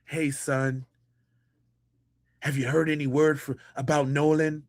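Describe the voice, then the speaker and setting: A man putting on the voice of a gentle, folksy middle-aged stepdad who speaks softly with a mock-tender drawl. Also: on the high side, little pitch movement, slow, dry recording, clean studio sound, pitched below the performer's own voice.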